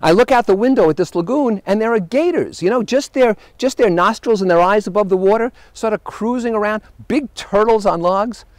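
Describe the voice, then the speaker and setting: A man hosting a show, telling travel stories in an animated monologue with wry punchlines. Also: sits high, brisk, hardly any pauses, dry recording. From United States. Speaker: host.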